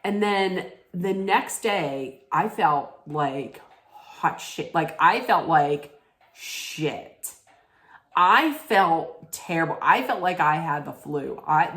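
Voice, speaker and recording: Slow, rambling woman in an echoey room. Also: deep voice, a bit bright. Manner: rambling, many fillers and restarts. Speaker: vlogger. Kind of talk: casual storytelling chat.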